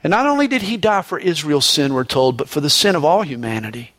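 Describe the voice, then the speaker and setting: A man preaching a sermon with a somewhat high-pitched voice. He talks in an easy, conversational way, often slipping in "you know". He pushes his voice up to stress key points and lets it sink low and slow on solemn moments. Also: big pitch swings, fairly bright tone.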